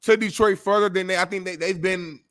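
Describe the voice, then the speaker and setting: A male sports talk co-host with a high voice. He argues insistently and profanely, restating his case again and again. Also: steady tone, brisk, a bit bright, no room sound. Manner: insistent, profane, defends his point repeatedly. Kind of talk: casual sports talk debate.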